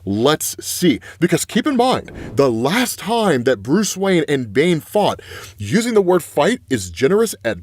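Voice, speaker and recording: A young man recapping a comic book story in an excited, chatty way, often asking "right?" as he goes. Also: fairly high pitch, a little slow, husky. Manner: excitable, keeps saying "right?".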